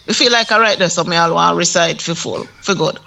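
Jamaican male co-host, high and sharp tone, lively interjecting talk. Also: gravelly. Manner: lively, laughing, quick to interject. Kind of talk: casual radio chat.

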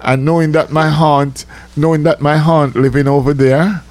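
A man's voice: fairly high pitch, level tone, moderate pace, darkish tone. Chuckling older man telling stories. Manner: chatty, laughing, repeats himself, says "you know" often. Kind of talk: casual anecdote storytelling.

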